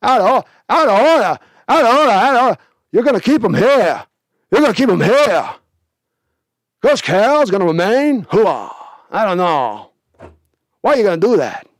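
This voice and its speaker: A man doing an impression of an outraged older film actor, barking and ranting loudly. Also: high voice, sing-song, normal speed, long pauses, dry recording, clean studio sound, voice pushed up. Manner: loud, barking, exasperated ranting. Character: gravelly, shouting older movie-star man, outraged.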